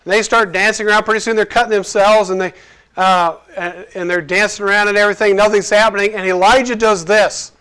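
A man with a notably high voice preaches in a loose, conversational way. He is lively and cracks jokes. He acts out the people in his story as he goes. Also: brisk, clear, resonant tone. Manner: lively, jokey, acts out quotes. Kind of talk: casual conversational sermon.

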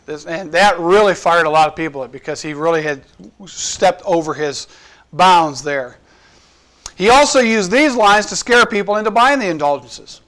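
A man with a notably high-pitched voice teaches church history to a class. He talks in a loose, conversational way, breaking old quotes down into everyday words and asking his listeners questions. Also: normal speed, fairly bright tone. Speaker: Bible teacher.

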